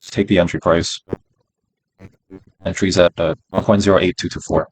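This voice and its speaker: A man's voice: low voice, fairly even intonation, normal speed, breathy edge, no echo, poor audio. A man streaming his day trades, talking himself through them in a casual, profane way and repeating phrases as he goes. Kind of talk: casual live-stream self-talk.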